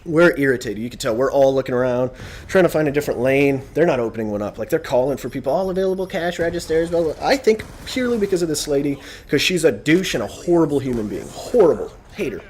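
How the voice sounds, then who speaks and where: A man's voice: mid-range voice, expressive, fast talker, darkish tone, a little hiss or hum. A young man vlogging a casual, sarcastic, rambling rant about an annoying shopper. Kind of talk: casual ranting vlog.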